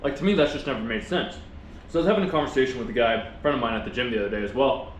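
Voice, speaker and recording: With food in his mouth, a man delivers a quick, casual motivational vlog in an everyday pitch. His earnest rambling is full of false starts, and the recording picks up room echo and faint background noise.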